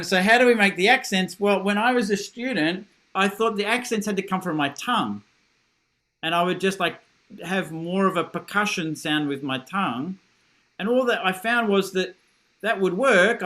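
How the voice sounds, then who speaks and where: A man's voice: sits high, a bit bright. A middle-aged man teaching a horn masterclass over a video call, encouraging and self-deprecating, showing ideas with sung syllables.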